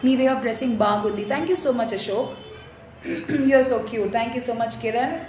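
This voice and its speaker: A woman's voice: on the high side, moderate pace, darkish tone. Chatty young woman, roomy echo. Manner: reads out fan comments and replies chattily. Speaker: actress answering fans. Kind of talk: casual live fan Q&A. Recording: roomy echo, faint noise.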